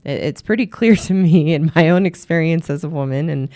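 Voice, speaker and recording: A woman's voice: sits low, brisk, mellow. A woman host and marriage coach giving earnest advice, often repeating words as she restarts. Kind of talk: advice talk to camera.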